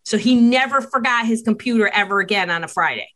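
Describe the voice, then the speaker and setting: Woman, 50s, guest expert; animated, chatty storyteller who voices the other people in her anecdotes. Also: medium pitch, fast, poor audio. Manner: animated, acts out dialogue in shifting voices. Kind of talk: casual storytelling chat.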